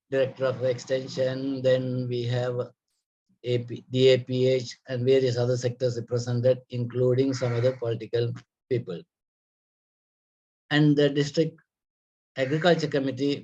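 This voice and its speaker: A man with a Sri Lankan English accent giving a measured, methodical lecture on agricultural extension, listing points one by one. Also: medium pitch, darkish tone. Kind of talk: explanatory lecture. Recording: dull lo-fi recording.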